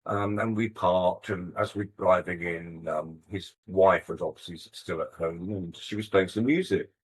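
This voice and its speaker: A man's voice: sits low, fairly even intonation, moderate pace, husky, rough recording. An older man, a musician being interviewed, telling stories in a thoughtful, hesitant, self-deprecating way. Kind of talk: casual interview storytelling.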